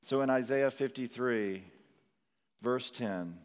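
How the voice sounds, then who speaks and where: Male pastor preaching slow n dramatic, big swings loud to hushed, echoey hall. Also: mid-range voice, smooth. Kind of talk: sermon.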